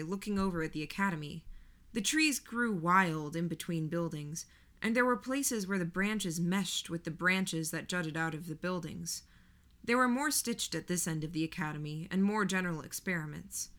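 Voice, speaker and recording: A woman narrating a first-person audiobook in an even, measured reading. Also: on the low side.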